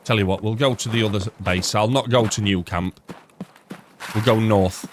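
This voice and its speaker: Man streaming, thinking out loud. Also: on the low side, steady tone, moderate pace, background noise. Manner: rambling, thinking out loud, chatting to viewers; swears casually, jokey asides. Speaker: game streamer. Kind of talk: live gameplay commentary.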